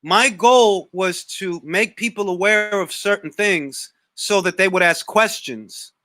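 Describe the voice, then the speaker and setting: Young male talk-show host, bright tense voice, dry close sound, loose slangy delivery with restarts. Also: sits high, a little slow, no room sound. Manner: animated, slangy, repeats words when starting a thought. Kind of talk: casual live Q&A chat.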